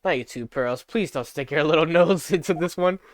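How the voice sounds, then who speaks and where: A man's voice: on the high side, normal speed, slight background noise. A man casually reading visual novel dialogue aloud on a live stream, chatting and laughing between lines.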